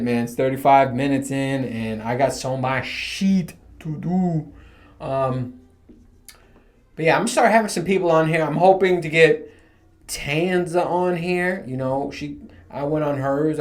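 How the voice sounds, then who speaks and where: With a medium-pitched, darkish-toned voice, a man hosts his podcast, rambling casually through stories. He curses plenty and laughs frequently as he talks.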